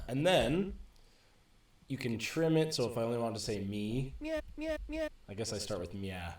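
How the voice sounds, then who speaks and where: A man's voice: medium pitch, a little slow. A man teaching a music production walkthrough into a USB desk microphone, chatty and self-correcting as he explains. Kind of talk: screen-recorded tutorial walkthrough.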